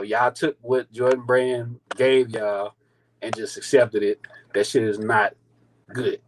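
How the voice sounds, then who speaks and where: A man in his thirties from St. Louis, telling a sneaker story in a profane, animated, casual chat. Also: medium pitch, a little hiss or hum, rough recording. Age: 30s. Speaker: sneaker battle contestant.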